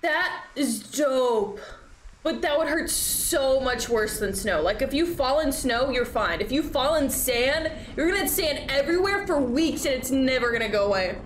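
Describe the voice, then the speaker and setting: Excitable young woman streamer, high voice. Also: slight background noise. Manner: excitable, swears freely, quick exclamations. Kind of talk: casual chat reacting to videos.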